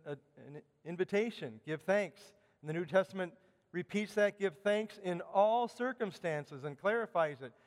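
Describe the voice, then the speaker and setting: Midwestern man, preacher, fairly high, smooth resonant voice, long church reverb. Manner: preaching, rising loud on quoted scripture. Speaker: pastor. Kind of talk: sermon. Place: church sanctuary.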